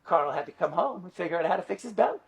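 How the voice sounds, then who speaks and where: Speaking very fast with vocal fry and a slightly rough, high-pitched tone, this middle-aged conference speaker and teacher spins his stories in a lively, talkative way. Fillers crop up constantly as he goes.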